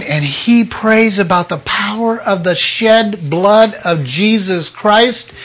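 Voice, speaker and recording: An older man preaching with a high, bright voice. He tells his testimony with emotion, jumping from loud outbursts to near-whispered moments. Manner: emotional storytelling with sudden loud and hushed turns. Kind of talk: sermon testimony.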